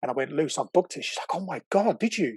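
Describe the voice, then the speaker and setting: A man, a podcast guest telling a personal story in casual chat, animated, swearing now and then and acting out what people said. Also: fairly high pitch, fast, breathy edge, no echo. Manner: animated, excitable, swears, acts out quotes.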